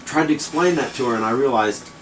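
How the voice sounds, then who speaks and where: A man's voice: medium pitch, quick pace, noisy background. Rambling man telling a story far from the mic. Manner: rambling, laughing, swearing. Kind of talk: casual story telling among friends.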